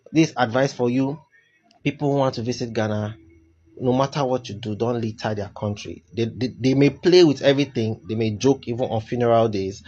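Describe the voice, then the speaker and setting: A Nigerian man with a Nigerian accent telling a casual story to camera, animated and dropping into pidgin. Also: mid-range voice, dull audio.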